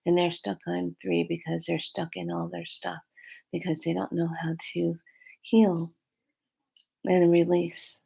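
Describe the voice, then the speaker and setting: Low-pitched woman, casual animated storyteller, laughs a lot. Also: a little slow, creaky. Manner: animated, laughing, acts out quotes.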